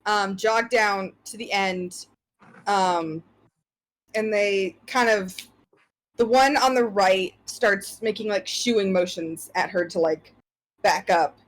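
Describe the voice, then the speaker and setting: A woman's voice: mid-range voice, slow. A woman narrating as game master of a tabletop game, describing scenes in a rambling, searching way.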